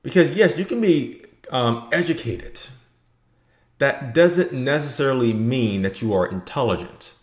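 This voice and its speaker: A man's voice: mid-range voice, animated, measured pace. A man giving blunt, rambling opinion commentary for his video channel. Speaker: vlogger. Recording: echoey room.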